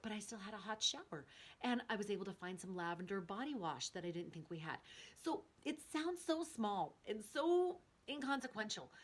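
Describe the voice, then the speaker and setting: A middle-aged woman host telling personal stories in a casual, earnest and animated way. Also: mid-range voice. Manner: earnest, animated storytelling with rising excitement.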